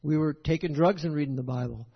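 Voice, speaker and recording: A man's voice: on the high side, fast talker, creaky, slightly rough. An older man preaching a sermon, folksy and rambling, often checking with "right?". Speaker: pastor. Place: church sanctuary. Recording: echoey hall, dull lo-fi sound.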